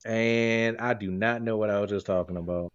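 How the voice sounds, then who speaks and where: A man's voice: lowish voice, fairly even intonation, normal speed, smooth, no echo. A man in his forties hosting a podcast, telling rambling stories in a joking, casual way. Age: 40s. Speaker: podcast host. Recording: dry, dull lo-fi sound.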